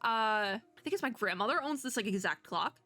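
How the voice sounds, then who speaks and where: A young woman VTuber playing a story game, chatty and giggly, reading the dialogue aloud between her own excited asides. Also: a little high, moderate pace, no room sound.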